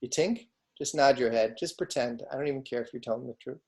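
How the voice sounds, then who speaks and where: A man's voice: mid-range voice, fast talker, darkish tone. A man giving an online law lecture over a video call, talking conversationally and often checking in with his students. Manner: conversational, asks students frequent questions.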